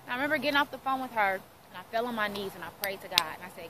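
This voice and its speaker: A woman's voice: medium pitch, expressive, rapid-fire, noisy background. A woman in her thirties, a radio host, telling her personal testimony in an earnest storytelling way and acting out the voices in her story. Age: 30s.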